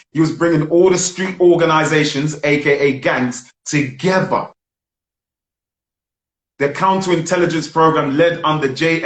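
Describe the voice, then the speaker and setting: A male host with a slightly raised voice, talking in an impassioned, preachy way. His voice bounces around an echoey room. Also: on the high side. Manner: preachy and animated, leads call-and-response chants. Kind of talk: live online film review chat.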